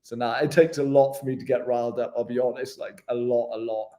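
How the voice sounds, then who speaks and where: A man's voice: mid-range voice, fairly even intonation, brisk, dark tone. Welsh guy on a laptop livestream, easygoing and slangy, chatting to his viewers. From Wales. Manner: laid-back, chatty, slangy, laughs often. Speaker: travel vlogger. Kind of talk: casual livestream chat reading comments.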